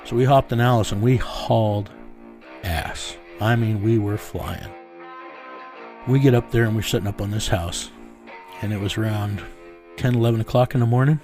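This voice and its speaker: This man's voice is fairly low and a little mellow. A guest in a casual interview, he bluntly tells his own story as a bounty hunter, often repeating words when he restarts.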